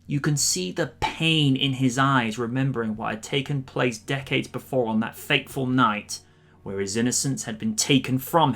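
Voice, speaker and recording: A man narrating a scripted film review with measured, admiring commentary. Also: medium pitch, pushed and bright.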